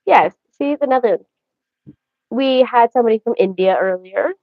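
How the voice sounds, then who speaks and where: A woman's voice: on the high side, normal speed, no room sound. Chatty woman on a livestream. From Canada. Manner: rambling, chatty and joking, talks straight to viewers. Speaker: livestream host. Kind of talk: casual livestream chat. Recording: dry, dull lo-fi audio.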